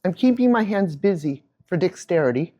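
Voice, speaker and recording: A woman in her fifties giving a keynote talk on stage, telling a childhood story to a live audience with an animated manner and a handheld mic. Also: on the low side, normal speed, highs cut off. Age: 50s. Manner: animated storyteller, acts out quotes. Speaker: keynote speaker.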